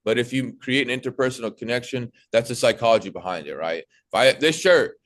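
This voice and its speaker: A young man giving casual sales coaching, animated, acting out sales calls in a bright put-on voice. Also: mid-range voice, fairly quick. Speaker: sales trainer.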